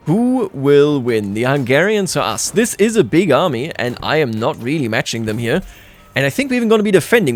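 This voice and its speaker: A man giving sarcastic, jokey let's-play commentary on a strategy game, often laughing at his own remarks. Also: fairly high pitch. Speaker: gaming YouTuber.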